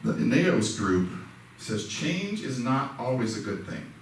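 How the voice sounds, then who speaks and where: A man's voice: mid-range voice, very animated, a little slow. Man giving a church lesson in an echoey hall. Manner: conversational, self-deprecating, acts out quoted dialogue. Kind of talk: casual spoken church lesson. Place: church sanctuary. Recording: echoey hall, mic far off, faint noise.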